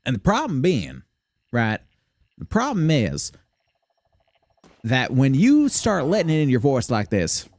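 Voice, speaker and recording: A man's voice: mid-range voice, wildly swooping pitch, a little slow, long pauses, a little mellow, no room sound. A young man streaming a game, chatting casually and swearing freely in a put-on Southern drawl. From Michigan, raised largely in the US South. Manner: profane, laid-back, chatty. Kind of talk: casual live gameplay commentary.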